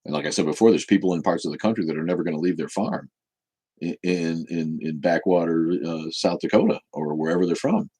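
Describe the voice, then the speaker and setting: A man's voice: sits low, fairly quick, dark tone, husky. A man in his fifties hosting a live question-and-answer stream, talking bluntly and with profanity about his views. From United States. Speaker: show host.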